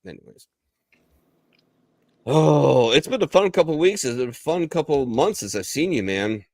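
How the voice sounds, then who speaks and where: Animated, teasing man with a dry close sound. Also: a little high, normal speed, dry recording. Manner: animated, teasing, swings between mumbles and loud exclamations. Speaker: podcast host. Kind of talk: casual podcast chat.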